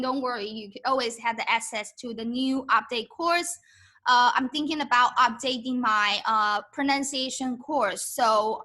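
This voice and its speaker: High, bright-voiced teacher woman. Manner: slow, patient, mixes English with Mandarin, models tones by humming. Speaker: Mandarin teacher. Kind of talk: live-streamed language lesson.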